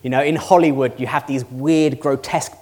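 A man's voice: mid-range voice, steady tone, a little fast, a little mellow. A male pastor giving a sermon to a congregation, earnest and conversational, asking the room rhetorical questions. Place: church hall before a congregation.

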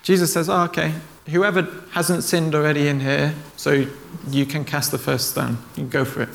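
A man's voice: fairly high pitch, steady tone, normal speed, creaky, fairly bright tone. A man preaching a sermon, retelling stories in a conversational way and acting out the quoted lines.

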